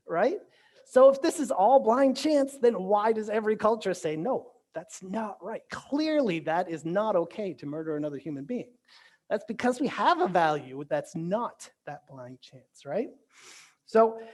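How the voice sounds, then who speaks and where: A male pastor delivering a casual virtual sermon. He talks in a loose, conversational way, with frequent restarts and little check-ins to his listeners. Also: sits high. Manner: conversational, lots of "right?" and restarts. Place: church or home, virtual sermon.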